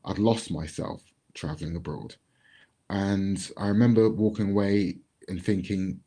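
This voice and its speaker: A man tells a personal story in a low, mellow voice. He speaks in a measured, reflective way and leaves pauses between thoughts. His tone is warm and relaxed. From Bristol, England. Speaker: community speaker.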